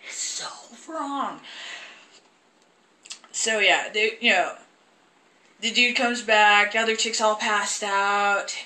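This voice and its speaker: Young woman vlogger, casual rambling rant, bright tone, echoey room. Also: mid-range voice, slow. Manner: profane, rambling, animated. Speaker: film reviewer. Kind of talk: casual ranting review.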